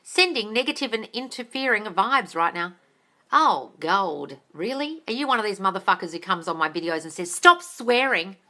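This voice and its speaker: A woman's voice: medium pitch, animated, moderate pace, pushed and bright. An Australian woman coaching on a live stream, answering viewer questions bluntly, swearing freely and calling people darling. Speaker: manifestation coach. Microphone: phone or tablet.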